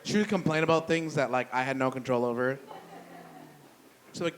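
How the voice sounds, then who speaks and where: A man doing a stand-up comedy set in a brewery, blunt and profane with a deadpan delivery. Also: medium pitch, moderate pace. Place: brewery venue with live audience. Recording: noisy live room.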